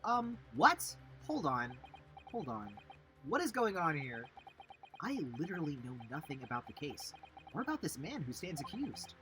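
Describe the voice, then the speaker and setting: A man's voice: fairly high pitch, huge pitch swings, moderate pace, sharp tone, heavily acted. A man voicing a flustered, stammering young male law student in a video game. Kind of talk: reading game dialogue aloud. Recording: game music behind.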